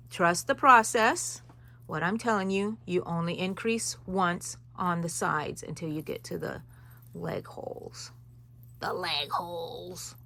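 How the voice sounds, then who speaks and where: A woman's voice: medium pitch, gravelly, fairly bright tone. A woman hosting a crochet tutorial, talking viewers through each stitch in a casual, rambling way with chatty asides. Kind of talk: casual step-by-step tutorial chat.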